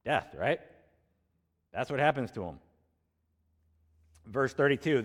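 A man's voice: mid-range voice, expressive, takes it slowly, long pauses. A man preaching an expository sermon, reading scripture aloud and talking in a conversational way, asking rhetorical questions and then answering them. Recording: long hall reverb.

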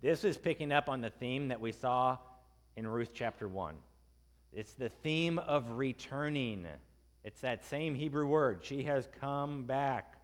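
Male preacher, casual teaching sermon, mid-pitched voice, long hall reverb. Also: a little slow. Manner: conversational, asks the congregation questions, acts out quotes in casual voices. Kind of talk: expository sermon.

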